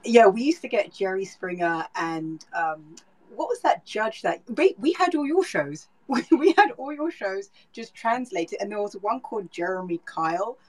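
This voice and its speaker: A woman with a British accent, telling a story with lively, laughing energy on a live show. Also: mid-range voice, normal speed, low-quality recording. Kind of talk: animated storytelling chat.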